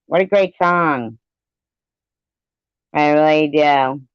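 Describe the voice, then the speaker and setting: A woman commenting over a video clip with slow, sarcastic and scornful remarks, on slightly dull audio. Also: sits low, clean tone, no echo. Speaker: commentary channel host.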